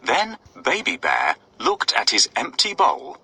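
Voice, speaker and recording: A man narrating a children's bedtime story with slow, very expressive storytelling. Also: medium pitch, vocal fry, slight background noise, low-quality recording.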